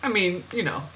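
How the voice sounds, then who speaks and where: A woman's low-pitched, bright, forceful voice comes through a low-quality recording as she reads oracle cards for a client. She's chatty and meandering in this spiritual monologue, laughing at herself and going off on tangents.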